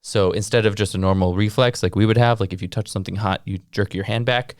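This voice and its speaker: A man's voice: fairly low pitch, fairly even intonation, fast, no room sound, clean studio sound. A man hosting a podcast quiz, steadily explaining medical facts. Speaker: quizmaster podcast host.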